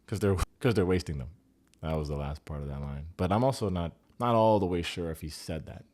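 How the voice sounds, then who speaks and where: Low-voiced man cracking sarcastic jokes. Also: moderate pace. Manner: jokey, profane, sarcastic asides. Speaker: recap show host. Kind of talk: comedic TV recap commentary.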